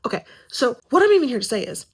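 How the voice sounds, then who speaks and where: A woman's voice: fairly high pitch, very animated, fast talker, husky. A young woman vlogging about books in a casual, rambling, self-mocking way, short on sleep. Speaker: book vlogger. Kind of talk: casual vlog chat.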